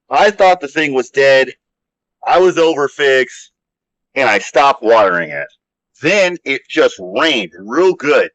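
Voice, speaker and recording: Strolling around an outdoor desert garden, a man hosts a casual vlog, chatting in a relaxed, rambling manner. His medium-pitched voice is a bit bright, and the recording comes across dull, lo-fi, and dry.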